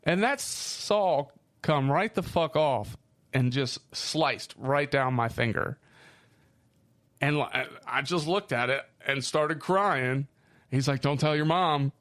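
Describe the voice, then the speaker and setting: Midwest guy on a podcast, loose and sweary, just spinning stories about his dad, normal middle pitch. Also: slow pace. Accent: Midwestern American. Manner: swearing storyteller, lively. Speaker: podcast co-host. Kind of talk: casual chat.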